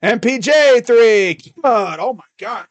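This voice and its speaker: A man doing casual live play-by-play reaction to a basketball game, chatty and excitable, with slangy asides between the calls. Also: very high-pitched, measured pace. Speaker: live stream play-by-play commentator.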